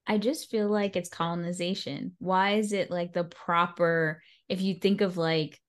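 Lower-voiced woman, chatty podcast co-host. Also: steady tone, unhurried. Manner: chatty and amused, with frequent laughs. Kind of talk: casual chat.

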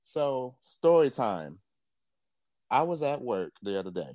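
A man's voice: mid-range voice, big pitch swings, slow pace, a little mellow, dry recording. A man co-hosting a podcast, talking in a blunt, profane and impassioned casual rant. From Jamaica. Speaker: podcast co-host.

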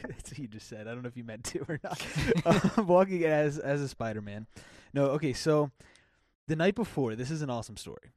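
Young male podcast co-host, animated storyteller who laughs a lot, dry close-mic sound. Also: medium pitch, no room sound. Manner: animated storyteller, laughs often, acts out quotes. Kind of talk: casual chat. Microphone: close podcast mic with windscreen.

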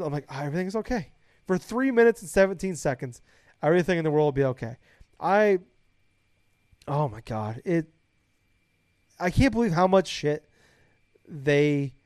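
A young man hosting a casual podcast, rambling excitedly, swearing a lot and getting loud when hyped. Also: fairly high pitch, no room sound, studio quality. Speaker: podcast host.

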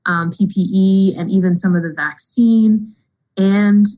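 A woman's voice: mid-range voice, steady tone, measured pace, dark tone, poor audio. Informative woman interview guest. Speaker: guest, fraud executive.

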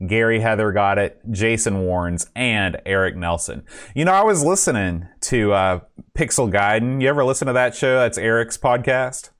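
A man's voice: normal speed, fairly bright tone, smooth. A man hosting a casual podcast, rambling and self-mocking as he thanks supporters. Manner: rambling and self-mocking, sings patron names in a high put-on voice. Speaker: podcast host. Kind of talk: casual podcast chat, singing a list of names.

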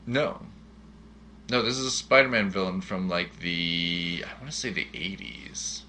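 A man's voice: low voice, a little slow, pushed and bright, slight background noise. A man co-hosting a casual movie chat, asking eager, jokey questions. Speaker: podcast co-host.

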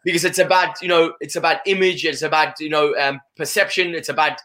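A man talking as an interview guest, animated and full of "you know" fillers. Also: a little high, fairly quick. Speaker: guest, salesperson. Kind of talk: conversational interview.

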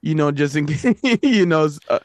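A man co-hosting a podcast in casual chat, easygoing and halting, with laughing asides. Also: fairly high pitch, darkish tone, dry recording. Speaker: podcast co-host.

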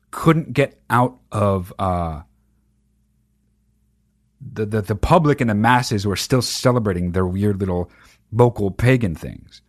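A man's voice: fairly low pitch, dry recording, clean studio sound. A man ranting casually in a sardonic, profane way about a childhood memory. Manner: sardonic, heavy swearing, lively emphasis. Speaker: monologue speaker.

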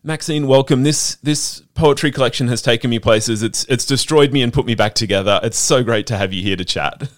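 A man's voice: medium pitch, brisk, few pauses, no echo, clean studio sound. A man hosting a radio interview, effusive and openly emotional as he reads a scripted intro and then chats. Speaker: podcast host.

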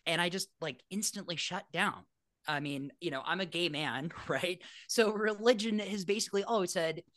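A man's voice: high-pitched, normal speed, no echo, studio quality. A man, an airline pilot, telling his story in a casual interview, frank and self-deprecating and acting out the voices he quotes. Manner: animated, acts out quoted voices.

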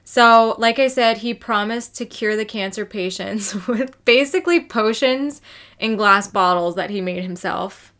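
A woman co-hosts a relaxed true crime podcast. She tells the story loosely, swears freely and keeps a conversational tone. Her pitch sits at an ordinary middle level. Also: unhurried.

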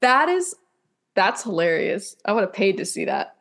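A woman's voice: medium pitch, sing-song, normal speed, creaky, a bit bright. A woman co-hosting a podcast in casual chat, laughing often and reacting with surprise. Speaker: podcast co-host.

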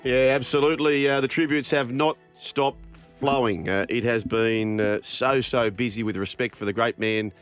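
A man, hosting a radio show in a relaxed, easygoing way with many fillers. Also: mid-range voice, moderate pace, few pauses, clean tone, faint music behind. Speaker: radio host. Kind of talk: casual radio chat.

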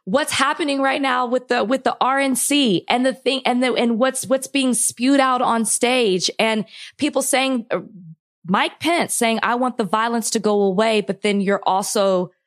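A woman's voice: fairly high pitch, moderate pace. A young woman co-hosting a podcast, speaking with impassioned frustration, near tears, often restarting her sentences. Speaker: podcast co-host. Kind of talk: emotional podcast conversation.

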